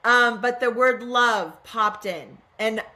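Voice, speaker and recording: A middle-aged woman appears as a podcast guest in a reflective spiritual conversation, speaking slowly in a rather high, sharp-toned voice. She's earnest and musing, often asking herself questions out loud.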